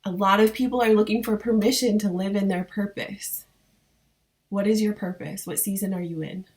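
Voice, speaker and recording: A woman in her thirties speaks straight to her viewers as a coach, earnest and heartfelt. Her voice sits at an ordinary middle pitch. She keeps urging them on in a warm, encouraging way. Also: fairly even intonation, normal speed. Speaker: spiritual business coach. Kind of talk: motivational vlog talk to viewers.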